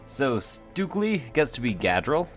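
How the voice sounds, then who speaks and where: A man's voice: medium pitch, sing-song, a little slow, faint music behind. A man hosting a let's play, thinking aloud in a rambling, self-mocking way with many fillers. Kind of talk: casual gameplay commentary.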